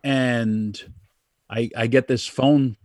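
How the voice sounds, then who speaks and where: A man's voice: medium pitch, fairly even intonation, drawn-out words, darkish tone, no room sound, clean studio sound. A middle-aged man, a pro wrestler guest, telling rambling anecdotes with many restarts. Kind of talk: casual storytelling.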